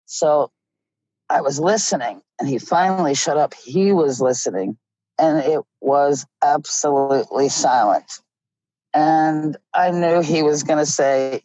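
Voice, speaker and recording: A middle-aged woman tells her story slowly in a low voice, laughing now and then. The sound is dull and lo-fi, close and dry with no room around it. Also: dry recording. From Ohio. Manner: slow, animated storyteller who laughs often. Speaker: guest. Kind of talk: casual storytelling. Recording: dull lo-fi audio.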